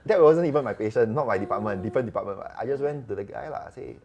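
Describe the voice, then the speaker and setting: A man's voice: mid-range voice, racing, dull audio. A man with a Singaporean English accent, a doctor guest telling stories in a casual chat, acting out the dialogue as he goes. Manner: chatty, animated, acts out quoted dialogue. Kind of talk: casual podcast storytelling.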